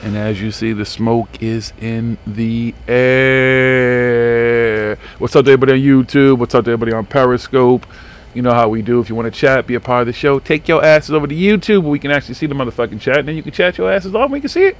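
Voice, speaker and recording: A man's voice: on the high side, quick pace. A man hosting a live paranormal talk radio show, rambling and swearing freely in casual chat. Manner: profane, rambling, animated. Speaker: host. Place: small home studio.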